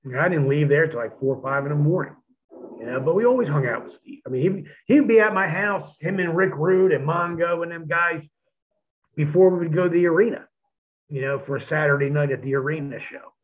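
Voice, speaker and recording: Profane storyteller man on a tinny line. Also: mid-range voice. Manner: profane, animated, acts out quotes of others. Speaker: podcast guest, former wrestler. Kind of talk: casual storytelling.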